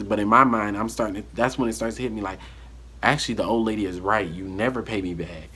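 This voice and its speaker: Bright, husky man telling a story. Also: lowish voice, fast. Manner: animated storyteller, acting out the quotes. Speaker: vlogger. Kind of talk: casual storytime.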